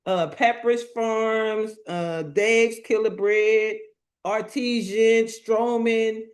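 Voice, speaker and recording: Slow, emphatic woman preaching to a live chat. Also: on the high side, steady tone. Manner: slow, emphatic, repeats phrases, colloquial, calls out chat. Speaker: motivational speaker. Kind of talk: preaching to an online live audience.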